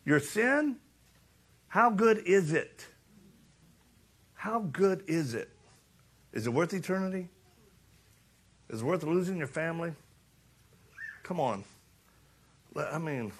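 Middle-aged male preacher, gravelly and forceful, animated storyteller with urgent challenges. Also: high voice. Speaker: speaker. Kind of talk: sermon-style talk.

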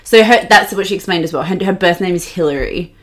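A young woman co-hosting a podcast, gossiping in a casual, animated, sweary way and mimicking the people she talks about. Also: fairly low pitch, quick pace. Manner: animated, sweary, mocking quoted voices. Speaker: podcast co-host.

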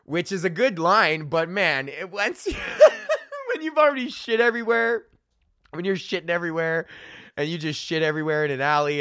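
Bright, profane comedian ranting. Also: male voice, fairly high pitch, big pitch swings, moderate pace, no room sound, clean studio sound. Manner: profane, rambling, laughing mid-story. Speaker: comedian podcast host. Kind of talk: casual storytelling rant.

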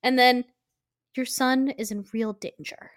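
A woman co-hosting a podcast in casual chat, animated and swearing, acting out quotes from scenes. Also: fairly high pitch, a little slow. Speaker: podcast co-host.

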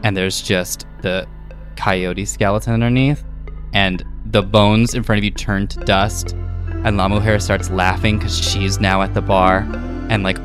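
Animated guy gm telling the story, music playing under him. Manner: animated storyteller, jumps into high character voices. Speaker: game master. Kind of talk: narrating a tabletop game.

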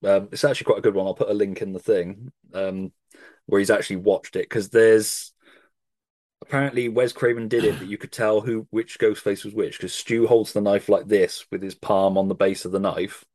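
Low-voiced man, dry close sound. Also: fairly even intonation, normal speed, a little mellow, no room sound. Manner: enthusiastic, swears, acts out quotes. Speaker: podcast host. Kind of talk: casual film chat.

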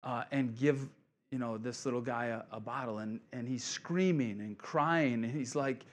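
A man's voice: medium pitch, steady tone, normal speed. A male pastor giving a conversational, encouraging sermon, often asking the congregation "right?" and repeating key phrases.

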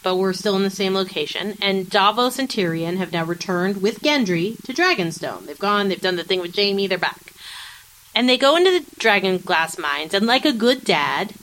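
A woman with a bright, forward tone chats through an episode recap as a podcast co-host. She talks animatedly, jumping between commentary and playful acted-out quotes. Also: medium pitch, moderate pace, rough recording. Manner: animated, chatty, acts out quotes of characters. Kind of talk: casual chat recapping a TV episode.

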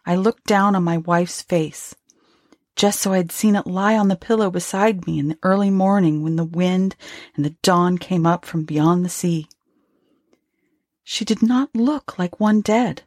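Somber woman audiobook narrator, low-pitched and slow. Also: a little mellow, no room sound, studio quality. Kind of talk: storybook narration.

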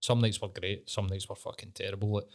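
Low-voiced sweary Scottish man. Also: fairly even intonation, quick pace, creaky. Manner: sweary, laughs easily. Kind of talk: casual chat.

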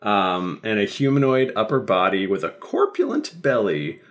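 A man narrating a tabletop game as game master, describing scenes in a relaxed way with fillers. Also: fairly low pitch, normal speed.

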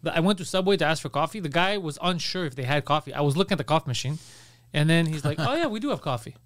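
A fast-talking man co-hosts a loose comedy podcast. His voice sits a little high. He tells stories in a rush and acts out the people in them. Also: dry recording. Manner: animated storyteller, acts out quotes, laughs often. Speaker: podcast co-host. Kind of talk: casual comedic chat.

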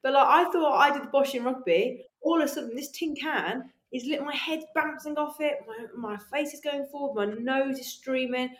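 A woman guest on a podcast, telling animated stories in casual chat, swearing freely and acting out her own voice. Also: high-pitched, moderate pace, few pauses. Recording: echoey room.

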